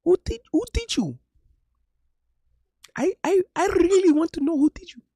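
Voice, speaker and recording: A man voicing a giddy young Filipina woman in love, with a Filipino English accent and a high, sing-song, amazed voice. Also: lively intonation, moderate pace, noisy background.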